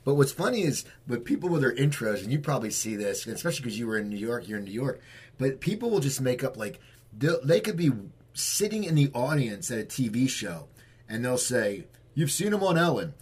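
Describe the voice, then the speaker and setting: A man's voice: mid-range voice, big pitch swings, fairly quick, darkish tone, slightly rough. A man, a comedian hosting an interview, asking loose questions in a casual, conversational way.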